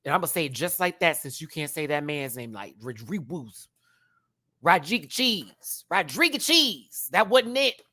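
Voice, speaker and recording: A man reviewing a reality show on a livestream, chatty and animated, swinging between loud bursts and hushed asides. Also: a little high, fairly quick, few pauses, dry recording. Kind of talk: casual livestream commentary.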